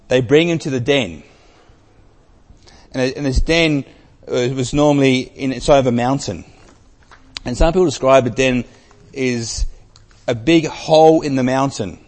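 A male preacher delivers a sermon as emphatic storytelling. He swings from loud to very soft at a middling pitch. His voice carries a long reverb, as in a large church hall.

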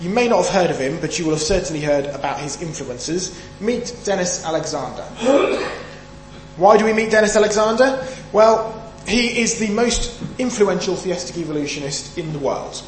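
A man's voice: high-pitched, lively intonation, normal speed. A man from the UK preaching a Sunday sermon, emphatic and questioning the audience as he reads and explains scripture. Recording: echoey hall, faint hum.

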